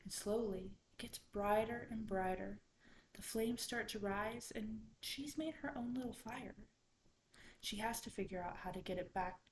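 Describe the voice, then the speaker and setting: Expressive woman telling a folktale. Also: medium pitch, measured pace, poor audio. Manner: expressive, dropping into whispers for suspense. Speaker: student storyteller. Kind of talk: oral folktale retelling.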